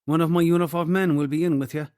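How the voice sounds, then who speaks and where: A man's voice: a little high, fairly even intonation, quick pace, a little mellow, smooth, no echo, studio quality, pitched above the performer's own voice, natural voice. A man voicing a genial middle-aged police inspector with a Cork accent, chatty and hearty.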